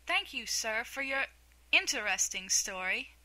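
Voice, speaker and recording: An inquisitive, well-mannered young girl from a storybook asks earnest questions , voiced by a woman reader. The tone is bright and clear throughout. She sounds sincere, with a touch of indignation. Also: on the high side, sing-song, unhurried, full character voice. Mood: curious. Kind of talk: storybook reading.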